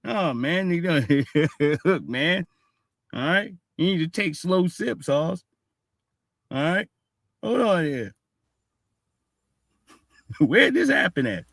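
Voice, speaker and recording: A man's voice: a little high, sing-song, takes it slowly, vocal fry, long pauses, a bit bright, no room sound, clean studio sound. A man streaming live and reacting to a clip, blunt and profane, with a running "all right" between remarks. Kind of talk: casual reaction commentary.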